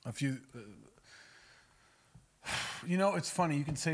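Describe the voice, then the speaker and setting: Male pastor, mid-range voice, talks emphatically in a relaxed podcast chat. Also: medium pitch, normal speed, pauses often. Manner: emphatic, acts out spoken prayers. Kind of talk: conversational podcast teaching.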